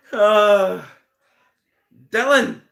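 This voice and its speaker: A Northern Irish man hosting a live stream, his voice high and bright. He swears freely and breaks into laughter as he ribs his viewers. The room around him is echoey. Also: creaky. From Northern Ireland. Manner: laughs constantly, swears, teases viewers by name. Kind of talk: casual live stream banter.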